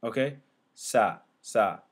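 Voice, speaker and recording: Slow man sounding out letters. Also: fairly low pitch, lively intonation, husky. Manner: frequent fillers and restarts. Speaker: teacher. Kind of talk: casual whiteboard lesson.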